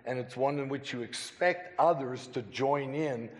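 A man preaching a Sunday sermon, deliberate and emphatic, with rhetorical questions. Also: mid-range voice. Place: church sanctuary. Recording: long church reverb.

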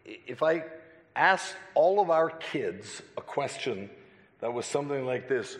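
A man preaching a Sunday sermon, deliberate and emphatic, with rhetorical questions. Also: mid-range voice, animated. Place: church sanctuary. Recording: long church reverb.

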